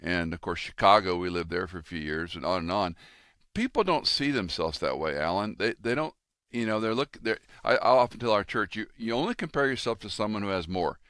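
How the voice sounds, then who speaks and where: A man in his sixties with a very low voice hosts a relaxed conversation. He tells stories with energy and acts out the quoted lines. The sound is dry and close. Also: a little fast, clear, resonant tone, dry recording. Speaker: podcast host and pastor. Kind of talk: casual conversation.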